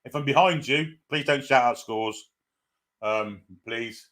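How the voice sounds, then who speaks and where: A man's voice: mid-range voice, slow pace, a bit bright. A man hosting a live stream, chatting through a football match as it unfolds. He greets viewers one by one and reads out their comments in an easy, casual way.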